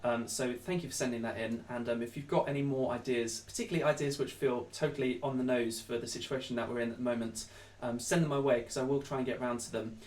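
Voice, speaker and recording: A man's voice: medium pitch, steady tone, fast, hardly any pauses, darkish tone, far from the mic. A man leading an online choir from home, chatting casually to viewers with lots of ums and rambling asides. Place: home during lockdown.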